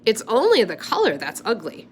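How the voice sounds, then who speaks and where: A woman reading a storybook aloud, voicing a friendly, sensible young girl who speaks gently and reassuringly. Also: on the high side, huge pitch swings, moderate pace, slight background noise, pitched above the performer's own voice.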